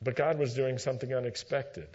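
A man preaching a sermon, teaching in a measured way and acting out quoted lines with emphasis. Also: mid-range voice, fairly even intonation, a little mellow, slightly rough, muffled recording.

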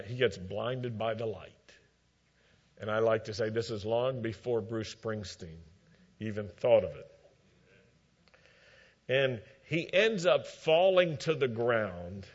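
A man preaching a sermon, retelling scripture with emphatic, measured storytelling and dry asides. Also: medium pitch. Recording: dull lo-fi recording.

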